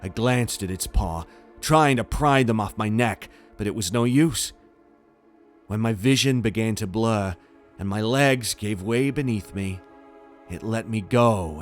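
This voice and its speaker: A man with a fairly low voice narrates a first-person horror story. His delivery is tense and steady, with soft music playing under it. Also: measured pace.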